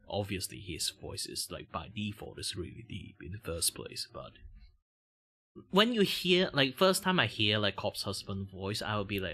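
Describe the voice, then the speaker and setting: A man with a Malaysian accent, a VTuber, chats loosely while drawing on stream, his speech full of fillers, restarts and loose grammar. His voice is fairly low and sharp, with big pitch swings and a moderate pace.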